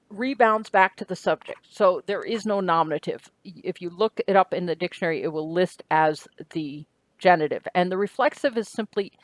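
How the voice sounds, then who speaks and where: A woman's voice: mid-range voice, no echo. A woman giving a recorded grammar lecture, explaining step by step, asking "right?" now and then and correcting herself as she goes. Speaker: Greek grammar teacher.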